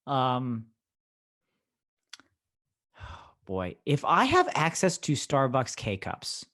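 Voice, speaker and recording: A man in a casual podcast chat, his voice sitting in an ordinary middle range. He thinks out loud, rambling and deliberate, and leans on words with joking emphasis. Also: mid-range voice, huge pitch swings. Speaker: podcast co-host.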